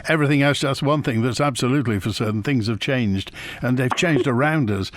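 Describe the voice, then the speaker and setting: A man's voice: mid-range voice, brisk, slight background noise. A man with a Manx accent hosting a radio phone-in, chatty and prone to repeating words as he searches for them. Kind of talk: casual phone-in chat.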